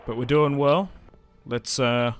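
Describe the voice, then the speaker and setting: A young man giving casual, chatty commentary while playing a strategy game, getting excited and laughing often. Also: medium pitch, takes it slowly, smooth. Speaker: gaming YouTuber.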